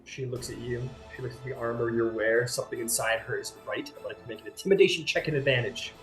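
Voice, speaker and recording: A man's voice: medium pitch, fast, a bit bright. A man narrating a tabletop game as game master in a casual, rambling way full of fillers. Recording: echoey room with faint music.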